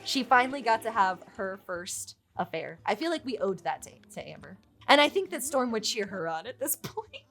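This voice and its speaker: A woman giving chatty, excitable let's play commentary on her game, swearing freely as she goes. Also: on the high side, moderate pace, few pauses, soft background music. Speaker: gaming YouTuber.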